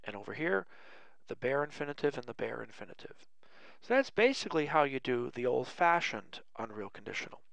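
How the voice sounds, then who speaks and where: Gravelly guy teaching grammar, slow dictating word by word, dry close mic. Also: mid-range voice, big pitch swings, fairly bright tone, no echo, lo-fi sound. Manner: light self-mocking humor. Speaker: English teacher. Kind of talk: grammar lesson at a board.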